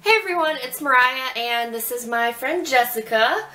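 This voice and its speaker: Young female host, bright voice, chatty and giggly. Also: high voice, normal speed, a little hiss or hum, rough recording. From Northwest Ohio. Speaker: beauty channel host. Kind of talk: casual chat.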